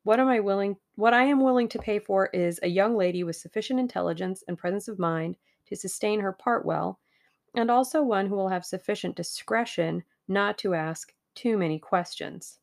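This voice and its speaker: A woman doing a smooth scheming businessman. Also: mid-range voice, normal speed, lightly acted. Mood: smooth, persuasive. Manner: genial and persuasive.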